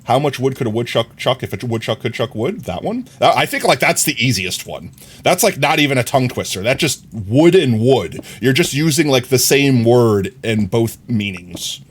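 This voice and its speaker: A man's voice: mid-range voice, very animated, moderate pace, breathy edge. A young man streaming a game live, chatting casually, rambling and correcting himself, often breaking into laughter. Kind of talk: casual live-stream chat while gaming.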